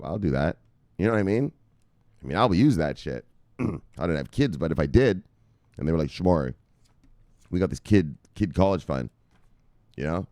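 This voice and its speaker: A man hosting a daily crypto news show, talking in an excitable, profane way, often saying "look, look" and laughing. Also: sits low, dry recording, studio quality. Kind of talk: casual profane commentary.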